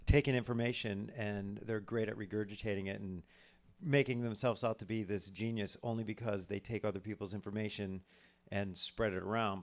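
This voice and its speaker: A man co-hosting a podcast in casual chat, thoughtfully explaining his ideas at length. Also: on the low side. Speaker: podcast co-host.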